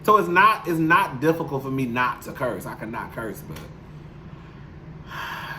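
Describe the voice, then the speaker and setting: Recording in his apartment, a male YouTube commentator talks candidly and emotionally to viewers in a casual vlog full of profanity. His mid-range voice swings widely in pitch at a slow pace, with background noise and a roomy echo.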